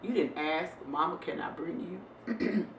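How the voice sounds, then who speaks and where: In an unhurried, lowish voice, a vlog host relives scolding her son for her viewers, playing it out with animation. There's a faint hiss or hum, an echoey room, a distant mic, and faint music behind her.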